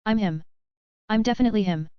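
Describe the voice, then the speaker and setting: A woman's voice: mid-range voice, fast, smooth, dry recording, natural voice. A woman voicing a big, earnest male wolf beastkin who insists he is an old friend. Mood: pleading. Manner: pleading, insistent. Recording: dry, slightly dull lo-fi.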